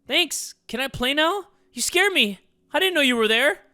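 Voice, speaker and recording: A man voicing an eager young boy, pitched up and bright. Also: lively intonation, moderate pace, heavily acted.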